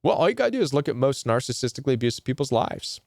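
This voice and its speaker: A man's voice: mid-range voice, big pitch swings, racing, vocal fry, a little mellow, dry recording. Earnest man explaining, dry close sound. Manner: earnest, repetitive, quotes imagined people in short put-on asides. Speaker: host of a self-help channel on narcissistic abuse. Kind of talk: casual talking-head explainer reading from a web browser.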